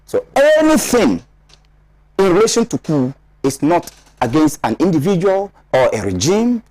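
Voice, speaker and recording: A man from Ghana sits on a studio panel and explains a point in a lecturing, emphatic way, repeating words as he builds up. His voice sits a little high and swings up and down a lot. The sound is dry and close. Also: a little mellow, dry recording. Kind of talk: studio discussion analysis.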